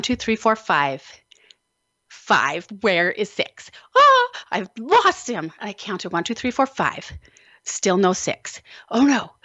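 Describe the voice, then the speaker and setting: A woman hosting a radio talk show, telling a story with plenty of expressive energy. Her voice sits at an ordinary pitch. The sound is dull and lo-fi, with no room echo at all. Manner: lively, animated storytelling. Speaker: host. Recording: dull, lo-fi dry recording.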